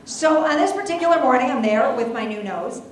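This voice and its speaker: Here the same kind of comic stage story comes from a middle-aged woman with a high, expressive voice, talking a little fast amid background noise. She's talkative and self-mocking, full of asides, and the audience hall echoes heavily.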